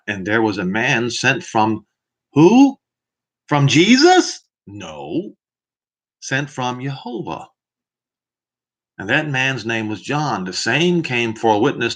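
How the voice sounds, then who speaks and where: A man's voice: mid-range voice, sharp tone. A man teaching scripture in a preaching manner, emphatic and fond of rhetorical questions to the listener. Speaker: Bible teacher. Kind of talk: preaching Bible commentary.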